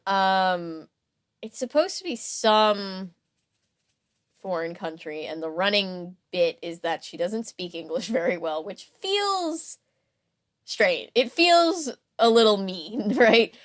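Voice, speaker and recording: A woman's voice: medium pitch, big pitch swings, takes it slowly. A woman hosting a podcast, chatting casually about a novel in a sarcastic way, with frequent laughs and fillers. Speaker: podcast host.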